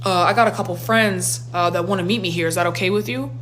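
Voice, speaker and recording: A woman voicing a calm, self-assured twelve-year-old boy with a relaxed, matter-of-fact way of talking. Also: on the low side, quick pace, faint music behind, voice pushed down, lightly acted. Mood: casual.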